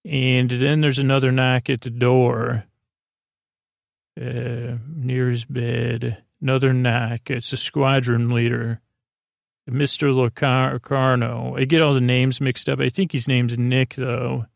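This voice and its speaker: A man's voice: medium pitch, level tone, takes it slowly, vocal fry, no room sound. A man hosting a sleep podcast, casually recapping in a rambling, self-correcting way. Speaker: podcast host.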